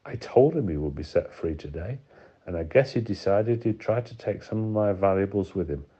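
A man's voice: sits low, animated, normal speed, warm tone, slightly rough. Man doing a cold, lying woman warden. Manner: curt, defensive. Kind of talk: audiobook character voice. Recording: dull lo-fi recording.

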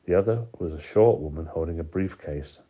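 A man reading an audiobook in steady, measured narration. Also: low voice. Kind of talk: scripted narration. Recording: dull lo-fi recording.

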